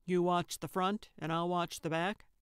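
A woman's voice: on the low side, level tone, moderate pace, clean tone, dry recording, lightly acted. A woman voicing a weary, grumbling older man who sounds dry and grudging.

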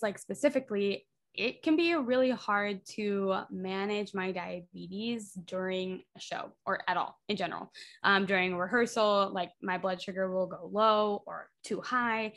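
A mid-range, fairly bright voice belongs to a theater artist in her twenties who speaks at a measured pace. As a guest in a casual podcast chat, she rambles chattily and leans on "like" a great deal.

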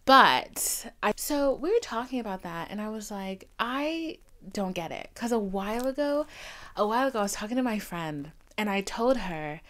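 This podcast host, a twenty-something woman of Haitian family background, talks at medium pitch and a normal speed. She delivers a candid, chatty monologue, swearing often and animatedly voicing the people she quotes.

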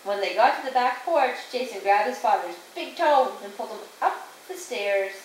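A woman reading a picture book aloud to a small child, slow and patient, adding sound effects along the way. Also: on the high side, lively intonation. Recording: echoey room, distant mic, faint hiss.

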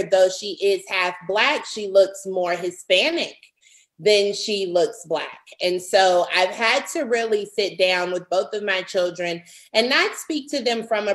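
A woman's voice: mid-range voice, rough recording. A woman in her thirties, a pastor and author, speaking earnestly as a podcast guest, with heartfelt emphasis and repetition as she builds each point. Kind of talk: earnest interview conversation.

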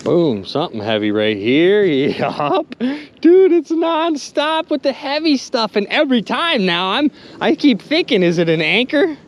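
Animated man magnet fishing from a boat. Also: sits high, measured pace, a little hiss or hum. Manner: animated, exclaims often, keeps addressing viewers as "you guys". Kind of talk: excited outdoor vlog narration. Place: outdoors on the water, in a boat.

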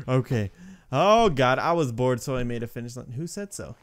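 A young man giving casual, rambling gameplay commentary, excitable and breaking into yelps and shrieks when a level goes wrong. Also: medium pitch, moderate pace, clear, resonant tone. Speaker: gaming YouTuber.

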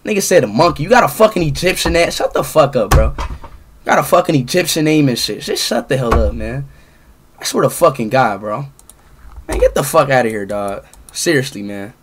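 A young man streaming live, ranting angrily at his chat with lots of swearing and sudden outbursts of shouting. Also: mid-range voice, animated, brisk, slight background noise. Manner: angry profane ranting, bursts into shouting.

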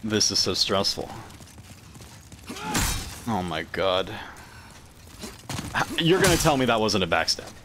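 A man streaming a game live, cursing and yelling at the players he fights. His voice swings from low grumbles to high shouts. Game noise plays clearly behind him. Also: takes it slowly, long pauses. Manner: excitable, swears, shouts at opponents. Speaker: gaming streamer. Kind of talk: live gameplay commentary.

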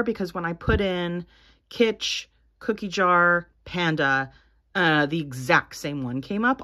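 With a slightly bright voice on the low side, a forties-aged collector vlogs casually about vintage toys she's found. She rambles, using many fillers and light laughter.

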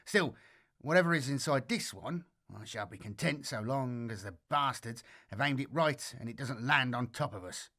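A man's voice: medium pitch, lively intonation, normal speed, bright, forceful tone. A man voicing a cynical, sardonic male veteran soldier who mocks his comrades in a dry, sneering tone.

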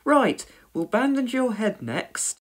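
A reader voicing a brisk, friendly young female firefighter who gives instructions in an upbeat way. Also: fairly high pitch, sing-song, voice pushed up, full character voice. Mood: brisk, cheerful. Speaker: firefighter giving a first aid demo.

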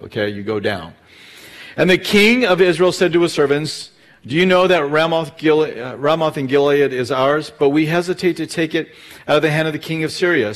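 A middle-aged male pastor walks through Scripture verse by verse, telling the story casually with plenty of ums and acted-out dialogue. His speaking voice sits a touch higher than most men's. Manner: casual storytelling with fillers and lively retold dialogue. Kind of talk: verse-by-verse Bible teaching.

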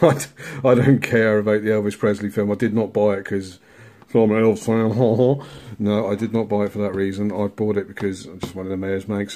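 A man hosting a casual model-building bench update, relaxed and rambling, chuckling at himself now and then. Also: on the low side. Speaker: scale model builder, channel host.

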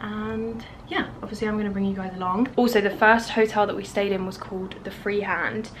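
A young woman talks casually to her handheld camera, full of "like" and easy fillers. Her voice sits in a middle register. Steady background noise runs under the recording. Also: medium pitch, brisk. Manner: chatty, filler-heavy, says "like" often. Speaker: travel vlogger. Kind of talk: casual vlog chat to camera. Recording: noisy handheld vlog audio.

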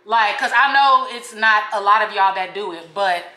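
Bright-voiced woman vlogger in an echoey room. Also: medium pitch, normal speed. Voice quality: slangy, animated, talks straight to viewers. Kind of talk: casual ranting to camera. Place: home kitchen.

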